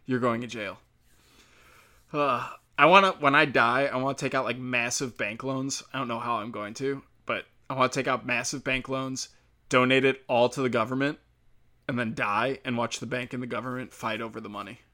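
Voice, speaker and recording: A man's voice: mid-range voice, steady tone, a little fast, pushed and bright. A man from the United States hosting a casual solo rant, sarcastic and full of profanity.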